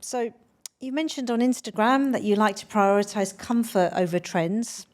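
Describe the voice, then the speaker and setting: A woman's voice: medium pitch, moderate pace, darkish tone. Supportive woman podcast host. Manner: supportive, brief murmured agreement. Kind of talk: interview questions and short affirmations.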